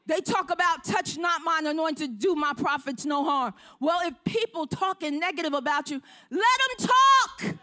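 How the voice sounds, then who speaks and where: A woman preaching a fervent sermon with call-and-response, often shouting to the congregation. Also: sits high, normal speed, hardly any pauses.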